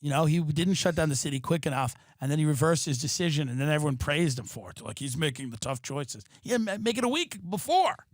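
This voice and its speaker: A man's voice: a little high, fast talker, hardly any pauses, no echo, studio quality. A man hosting a podcast, delivering an exasperated, profane comedic rant from his apartment. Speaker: podcast host. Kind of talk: ranting comedic monologue.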